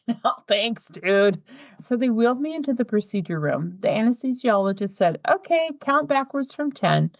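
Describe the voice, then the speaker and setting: A woman's voice: a little high, animated, normal speed, gravelly, no room sound. A woman co-hosting a podcast, chatting casually and reading listener mail aloud with playful asides. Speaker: podcast co-host.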